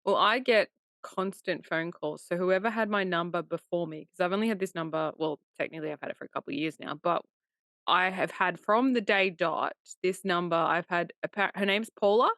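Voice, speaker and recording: A woman's voice: fairly low pitch, brisk, a bit bright, dry recording, studio quality. A woman co-hosting a casual podcast chat, joking and laughing often in a breezy way. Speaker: podcast co-host.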